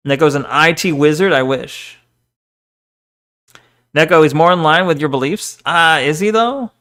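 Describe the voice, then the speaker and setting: This VTuber streamer, a young man, talks in a higher voice with a sharp tone and a slightly slow pace. Reading stream chat, he chats casually with viewers, making self-deprecating jokes and frequently swearing and laughing.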